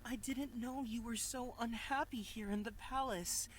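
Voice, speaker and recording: A performer voicing a gentle, worried young palace boy who sounds tearful and pleading, for a visual novel read aloud. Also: medium pitch, fairly even intonation, measured pace, a little hiss or hum, natural voice. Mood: worried, tender.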